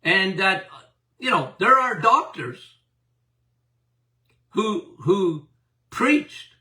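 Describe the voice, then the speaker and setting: A man's voice: high voice, big pitch swings, drawn-out words, pauses often, bright, forceful tone, recorded from a distance. An older man, a doctor hosting a podcast, talking casually about health and speaking straight to his listeners in a folksy way. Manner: folksy, addresses listeners directly.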